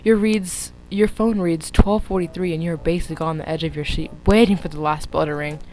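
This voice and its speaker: A woman's voice: fairly low pitch, fairly even intonation, brisk, a little mellow, slight background noise, rough recording. A young woman casually reading fan fiction aloud into her phone, giggling, rambling and breaking off to comment on the text. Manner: giggly, rambling, keeps interrupting herself. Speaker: vlogger.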